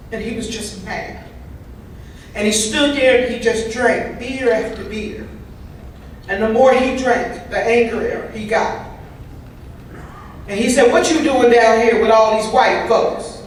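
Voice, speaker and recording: A woman's voice: on the high side, fairly even intonation, measured pace, long pauses, far from the mic, a little hiss or hum. Woman voicing a recovery talk in a very echoey hall. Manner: humorous conversational storytelling. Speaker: voice interpreter for a signed recovery talk. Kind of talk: first-person interpreted speaker talk. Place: large convention hall.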